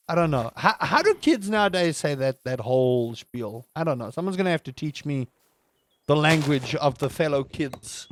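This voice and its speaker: A man's voice: a little high, animated, moderate pace, slight background noise. A man giving playful, chatty let's-play commentary with jokey wordplay. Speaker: gaming host.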